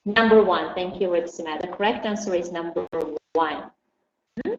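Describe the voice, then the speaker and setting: A woman whose first language is Armenian, teaching an online English class and patiently repeating model phrases slowly. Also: on the low side. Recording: roomy, dull lo-fi audio with faint hiss.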